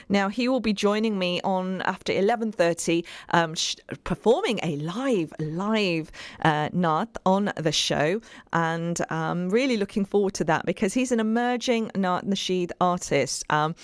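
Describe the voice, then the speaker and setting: A woman's voice: mid-range voice, clean tone, no room sound, clean studio sound. A woman hosting a community radio show, chatting in an upbeat, rambling way with many fillers. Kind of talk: casual radio chat.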